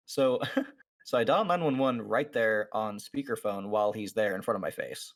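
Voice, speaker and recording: On a podcast, a man tells a story in casual chat, acting out what each person said and using many fillers. His mid-range voice has lively intonation at a normal speed.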